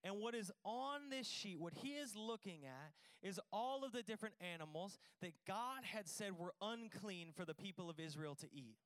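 High-voiced conversational male preacher. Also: expressive, moderate pace, hardly any pauses, a bit bright, clean tone, no echo. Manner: conversational, joking, acts out dialogue. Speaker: pastor. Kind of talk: sermon.

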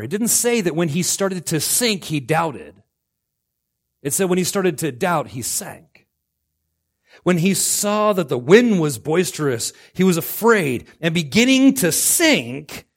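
A middle-aged man preaching a sermon as pastor, swinging between loud outbursts and hushed lines. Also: on the high side.

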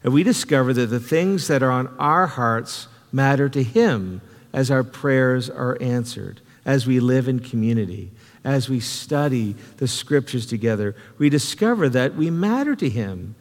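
A man's voice: mid-range voice, animated, measured pace. A man preaching a sermon, telling a personal story in an earnest, conversational way with frequent restarts. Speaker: pastor. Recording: reverberant hall.

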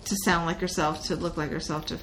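A woman co-hosting a podcast in casual chat, animated and giggly, swearing casually. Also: low voice, fast, noisy background. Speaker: podcast co-host.

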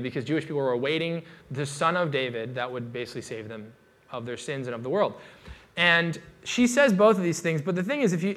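A man's voice: on the high side, fairly bright tone. A man preaching a sermon in a loose, casual way, with many fillers and restarts.

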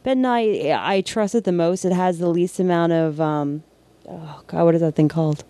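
This is a New Jersey-accented makeup effects artist in relaxed shop talk. The voice is mellow and warm at a middling pitch, with frequent ums between thoughts. It is recorded close and dry. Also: normal speed, no echo. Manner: chatty, many filler ums.

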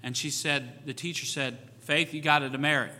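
A middle-aged male pastor preaching to his congregation, his voice higher than most men's and bright, edged with tension. He talks in a folksy, conversational way and acts out the voices of the people in his stories. A long church reverb hangs behind every phrase. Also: steady tone, normal speed. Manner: folksy, repeats "you know what?", acts out quoted voices. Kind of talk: sermon.

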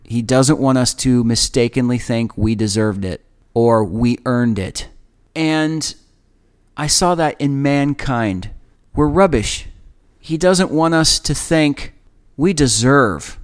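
A man's voice: medium pitch, smooth. Earnest man teaching scripture. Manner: reflective, earnest, emphatic pauses. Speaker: podcast host leading Bible study. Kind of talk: conversational Bible teaching.

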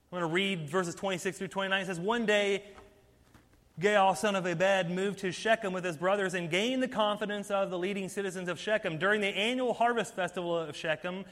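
A man's voice: high-pitched, a bit bright, in a large hall. A man preaching a sermon, retelling a story with playful asides. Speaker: pastor.

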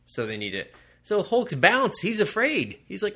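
A man's voice: high voice, measured pace, husky. A man co-hosting a casual podcast about comics, swearing freely and acting out characters as he retells stories. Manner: profane, animated retelling with mock quotes. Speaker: podcast co-host.

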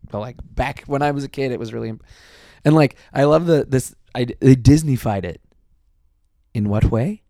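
A man's voice: medium pitch, normal speed, dark tone, no room sound, studio quality. A man co-hosting a podcast, chatting casually in rambling, enthusiastic bursts and often restarting his sentences. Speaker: podcast co-host. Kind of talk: casual chat.

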